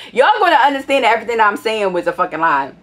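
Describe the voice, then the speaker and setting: A woman vlogger telling a casual story in a blunt, profane, animated way. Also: on the high side, quick pace.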